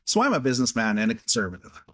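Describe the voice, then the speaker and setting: Sarcastic male politician, mid-pitch, exasperated scripted address to camera. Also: very animated, rapid-fire, a bit bright. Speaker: member of parliament.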